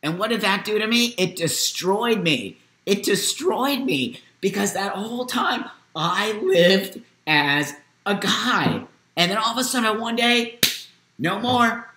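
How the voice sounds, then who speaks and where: A man in his fifties hosting a live stream, talking in an emotional, emphatic way, at times near tears, swinging from loud to hushed. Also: sits high, animated, slow pace, reverberant. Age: 50s. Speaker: host.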